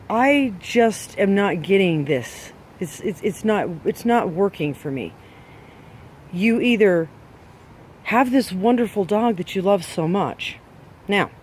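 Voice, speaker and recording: A man's voice: high voice, darkish tone. A man giving dog owners blunt training advice, emphatic and scolding, with many rhetorical questions.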